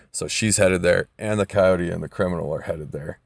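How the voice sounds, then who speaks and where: Low gravelly dude rambling through a story recap, swears a lot, dry close sound. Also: male voice, normal speed, few pauses, no echo. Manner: loose and profane, heavy on fillers.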